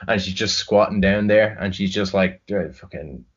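A man's voice: low voice, normal speed. A young Irish man telling a rambling, sweary story in casual chat. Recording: dull lo-fi recording.

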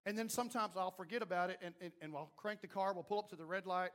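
High-voiced pastor preaching a dramatic sermon. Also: male voice, fairly even intonation, fast talker. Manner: acts out voices of doubters and God; dramatic swings from loud to hushed.

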